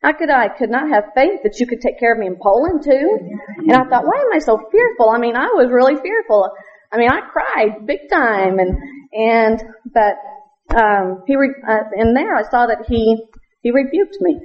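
Woman, fairly high voice, earnest missionary testimony with frequent laughs, muffled lo-fi recording. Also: lively intonation, normal speed. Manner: earnest, laughs often, quotes scripture in King James wording. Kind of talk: church testimony. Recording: dull lo-fi recording.

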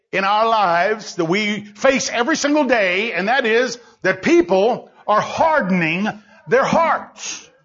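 A male preacher giving an emphatic sermon full of rhetorical questions, swinging between loud and hushed delivery, on a dull lo-fi recording. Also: high voice.

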